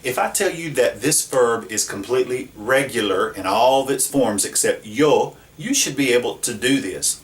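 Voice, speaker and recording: Patient man teaching in an echoey room. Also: mid-range voice. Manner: slow, patient, checks in with "okay?" and "right?". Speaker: Spanish teacher. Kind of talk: classroom grammar lesson. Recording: roomy echo, mic at a distance.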